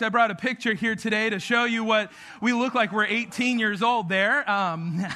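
A man's voice: high-pitched, bright, forceful tone. A man in his thirties from New Mexico preaching a sermon as pastor, in a casual, chatty way, telling stories with jokes. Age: 30s. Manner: casual, chatty, joking storyteller.

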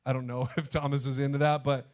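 A male pastor preaching a sermon, talking to the congregation directly and emphatically, swinging between loud punches and hushed asides. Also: mid-range voice, flat delivery, fast talker.

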